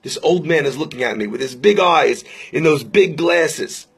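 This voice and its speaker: A young man, a rabbi, giving an inspirational talk. He tells stories dramatically and slows down on the key phrases. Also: on the high side, expressive, vocal fry, husky. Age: young adult. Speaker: rabbi and speaker.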